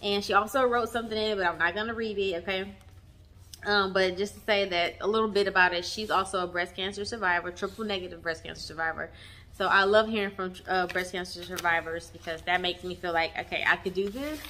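A young woman chatting to her viewers, warm and emotional, often saying y'all. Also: mid-range voice, steady tone, fast. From Texas. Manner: emotional, near tears at times. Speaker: vlogger. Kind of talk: casual chat. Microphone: camera mic on tripod.

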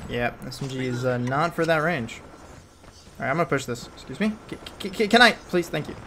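A young man casually commentating his own mobile shooter gameplay, chatty and excitable, shouting at enemies and muttering to himself. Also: mid-range voice, a little fast. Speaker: mobile gaming channel host. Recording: noisy game audio with gunfire.

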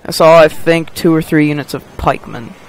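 A gameplay host with a voice on the high side speaks fairly quickly, muttering and joking to himself as he plays in casual commentary. There's no echo.

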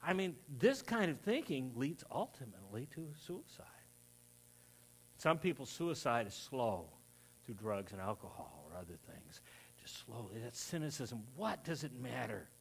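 A man's voice: big pitch swings, normal speed, vocal fry, slightly rough. A pastor preaching a sermon in a church, telling stories and voicing the people he quotes. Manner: storytelling, acts out quoted voices with rising pitch. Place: church sanctuary.

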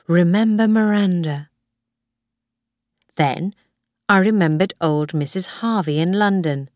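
A woman narrating a graded reader story in a slow, clear, careful way. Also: lowish voice, dry recording, clean studio sound. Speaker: audiobook narrator.

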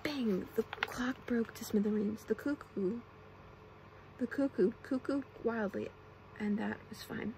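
A woman's voice: fairly high pitch, unhurried, a little hiss or hum, rough recording. Woman reading bedtime stories, whispered role-play. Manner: soft, often whispered reading with playful character voices. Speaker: ASMR storyteller.

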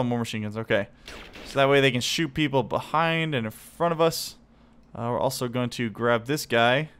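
Excitable man narrating his gameplay. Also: mid-range voice. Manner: excitable and chatty, laughs and exclaims. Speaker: let's play host. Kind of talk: casual gameplay commentary.

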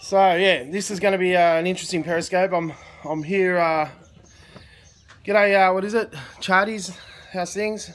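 Aussie guy rambling on a livestream, bit higher pitched, keeps stopping to say hi to people. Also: a bit bright. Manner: chatty and rambling, breaks off to greet viewers. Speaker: livestream host. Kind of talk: casual livestream chat. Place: in Thailand.

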